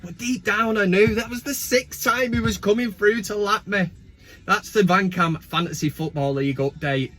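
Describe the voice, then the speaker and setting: Cheeky high-voiced bloke. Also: male voice, moderate pace, fairly bright tone. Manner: cheeky, profane banter with asides. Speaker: fan channel host. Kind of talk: casual football fan show segment.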